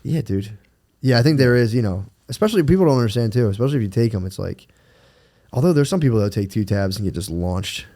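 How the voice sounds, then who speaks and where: A man's voice: lowish voice, expressive, fast, mellow. A man in his thirties co-hosting a podcast, chatting in a laid-back way, swearing often, laughing and reading out listener questions. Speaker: podcast co-host. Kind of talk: casual chat.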